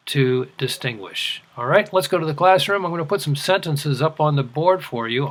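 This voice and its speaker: Middle-aged man, slightly high voice, ESL teacher, slow careful enunciation. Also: a bit bright. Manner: slow, deliberate, exaggerated enunciation for learners. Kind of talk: scripted language lesson.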